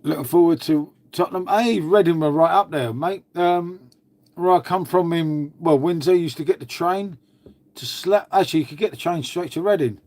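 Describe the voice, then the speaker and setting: A man's voice: on the high side, normal speed, a little mellow. A man, from England, hosting a casual live stream, rambling and swearing, calling everyone "mate". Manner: rambling, swears a lot, says "mate" constantly. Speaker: livestream host.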